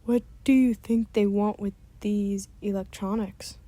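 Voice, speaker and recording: A woman's voice: medium pitch, fairly even intonation, measured pace, dark tone, dry recording, natural voice. A woman voicing a brainy, analytical teenage boy mutant turtle in a fan comic dub, talking things through thoughtfully. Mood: curious.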